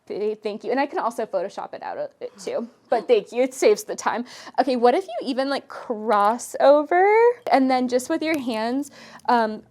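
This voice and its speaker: A woman's voice: a little high, lively intonation, moderate pace, darkish tone. Gushing woman photographer giving model directions. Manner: gushing, encouraging, repeats praise words. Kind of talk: casual studio directions. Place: indoor photo studio.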